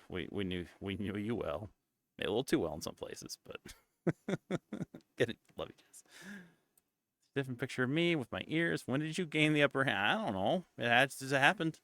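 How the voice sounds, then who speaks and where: A man's voice: medium pitch, lively intonation, normal speed, long pauses, fairly bright tone, no echo, studio quality. A man streaming as a VTuber, chatting casually in a playful, teasing way.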